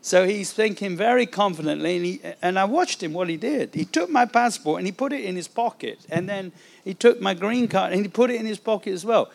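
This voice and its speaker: A man, an evangelist, telling a testimony story in a sermon, animated and acting out the dialogue. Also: sits high, a little fast, gravelly.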